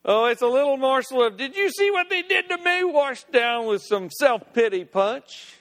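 A man doing a whiny, self-pitying fellow who clings to his grudge, high-voiced and plaintive. Each pleading word is stretched out. It rings in a long hall reverb. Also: animated, normal speed, fairly bright tone. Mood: coaxing.

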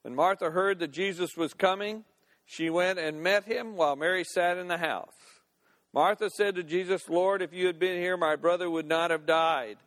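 An older man gives a sermon in a fairly high voice. He moves between reading scripture and chatty, down-to-earth comment. He acts scenes out in different voices as he goes. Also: steady tone, normal speed, a bit bright. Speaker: pastor.

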